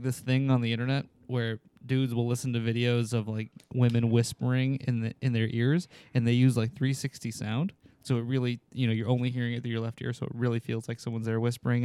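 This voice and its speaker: A man's voice: medium pitch, dark tone, clean tone, no room sound. A man co-hosting a casual podcast, rambling and poking fun at himself. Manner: rambling, self-mocking, laughs. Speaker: podcast co-host.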